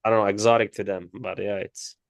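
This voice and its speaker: A man's voice: on the low side, little pitch movement, brisk, vocal fry, no echo, studio quality. A man hosting an interview, asking short questions and reacting briefly to the answers.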